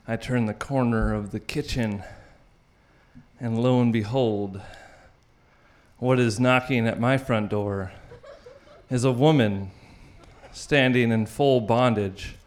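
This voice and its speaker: A young man telling a personal story to an audience, wry and animated, often laughing as he goes. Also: lowish voice.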